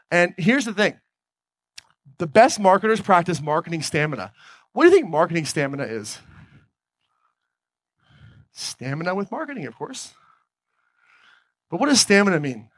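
A man giving an energetic motivational talk on stage, often asking the audience questions. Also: high-pitched, no room sound. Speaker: motivational speaker.

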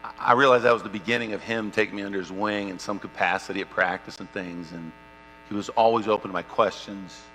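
A male pastor preaching with a bright, forceful voice. His storytelling swings from loud bursts to hushed, slow passages. The sound carries a long reverb, with a faint mains hum underneath. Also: fairly low pitch, steady tone. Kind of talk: sermon with personal story.

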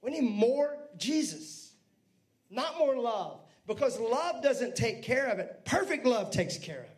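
A male pastor delivers a sermon in a strikingly high voice. He preaches with energy and turns to the congregation with asides. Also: sing-song, moderate pace.

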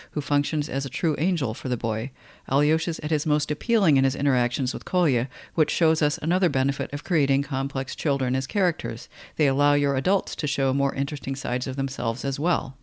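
A man giving scripted commentary on a novel for writers, measured and wry. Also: on the high side, no echo, studio quality. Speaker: literature podcast host.

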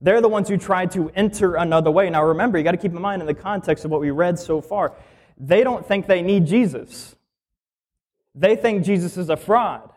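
A man's voice: high-pitched, moderate pace, a little mellow. A male minister giving a sermon in a conversational teaching style, explaining scripture plainly and asking the listeners questions.

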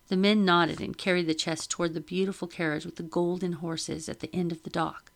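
A woman reading a children's novel aloud with steady storytelling and occasional slips. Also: fairly low pitch, fairly quick, creaky, hardly any pauses. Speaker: reader.

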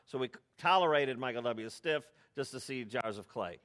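A middle-aged man from the United States preaching a sermon, telling stories in a conversational way with animated asides. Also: mid-range voice, a little fast, few pauses. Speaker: pastor.

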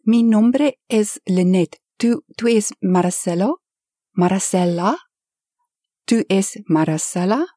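A woman voicing an excitable, gushing middle-aged woman tourist who talks in a high, eager rush. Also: takes it slowly, no room sound, studio quality. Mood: excited.

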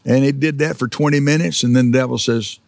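A man's voice: medium pitch, fairly even intonation, quick pace, vocal fry, a little mellow, no room sound. A man preaching a sermon, telling stories with many fillers and restarts and acting out laughter as he goes. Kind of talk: sermon teaching.

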